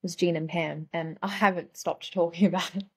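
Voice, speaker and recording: A woman's voice: fairly low pitch, steady tone, normal speed, husky. A young adult woman, a guest on a talk show, telling stories in casual chat with lots of "like" fillers. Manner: chatty, heavy use of "like" fillers. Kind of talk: casual conversational storytelling.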